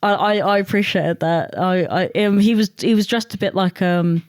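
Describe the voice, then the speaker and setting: A woman co-hosting a casual chat, animated, laughing often and swearing freely. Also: mid-range voice, moderate pace, dry recording, studio quality. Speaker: podcast co-host.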